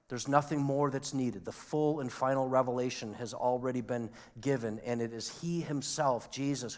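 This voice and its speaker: A man's voice: mid-range voice, in a large hall. A man preaching a sermon as pastor, talking conversationally and asking his listeners questions. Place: church sanctuary.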